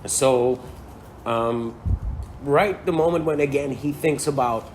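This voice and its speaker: A man tells a spiritual story in a loose, slangy lecture and drops swear words and chuckles along the way. His voice sits at an everyday pitch. A faint hiss lies under the recording. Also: slow pace, a little mellow. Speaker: spiritual speaker.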